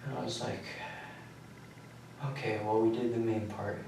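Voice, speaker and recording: Flat-voiced young man, echoey and distant. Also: mid-range voice, gravelly. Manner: flat, halting and detached, with many pauses and fillers. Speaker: suspect giving a police confession. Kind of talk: recorded police interview. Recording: echoey room recording from far off, faint hiss.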